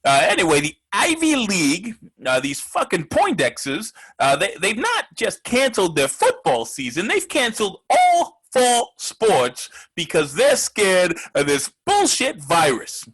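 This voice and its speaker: A man plays a loud, foul-mouthed gambler hosting a sports show, ranting with a husky edge. His voice sits high for a man and swings wildly up and down, pushing every insult hard. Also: huge pitch swings, measured pace, few pauses, heavily acted. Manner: loud, ranting, profane, mocking. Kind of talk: comedic sports rant.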